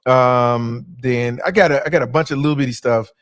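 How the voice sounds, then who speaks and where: A man chats on a podcast in a loose, joking way, his words full of fillers and restarts. His voice sits at a middle pitch. The sound is dry and close to the mic. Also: normal speed, dry recording. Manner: laid-back, joking, with frequent fillers and restarts. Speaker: comedian guest. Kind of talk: casual podcast chat.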